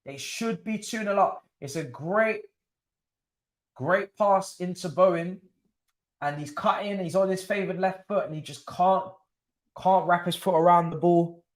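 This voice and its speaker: A man's voice: sits high, unhurried. A young man, commentating casually on a live football watchalong and chatting to his viewers in slang. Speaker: watchalong streamer.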